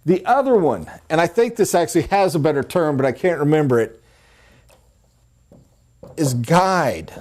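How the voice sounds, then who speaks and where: A man's voice: a little high, normal speed, long pauses. A man teaching a sales training class, talking casually and acting out examples for his trainees. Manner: animated, acts out examples.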